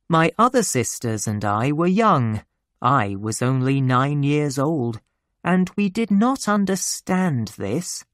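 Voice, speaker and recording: A narrator reading a children's memoir story slowly and clearly for English learners. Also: mid-range voice, no room sound, clean studio sound. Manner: slow, clear and deliberate. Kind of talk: slow graded-reader storytelling for English learners.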